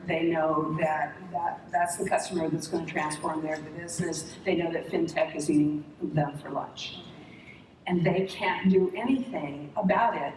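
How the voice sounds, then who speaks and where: Animated woman telling stories in an echoey hall. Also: sits low. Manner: animated, acts out voices in anecdotes, laughs often. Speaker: interview guest, former talent executive. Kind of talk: conference Q&A storytelling. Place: conference hall on stage. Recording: echoey hall, distant mic, noisy.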